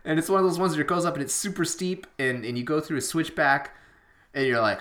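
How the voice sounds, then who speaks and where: A podcast co-host chats casually, rambling and self-deprecating, with lots of fillers. His voice is fairly high and bright, and he talks a little fast.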